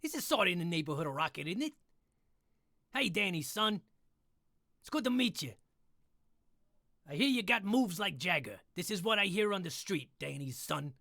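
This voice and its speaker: A man's voice: high-pitched, sing-song, moderate pace, gravelly, long pauses, sharp tone, no room sound, studio quality, heavily acted. A man doing a cocky wisecracking raccoon. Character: cocky male space raccoon, wisecracking, fast-talking.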